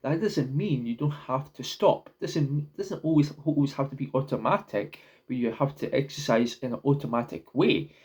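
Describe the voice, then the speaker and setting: A man's voice: mid-range voice, a little mellow. A young man talking casually to camera in his own vlog, rambling, often stopping and restarting his words. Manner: halting, repeats and restarts words. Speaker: vlogger.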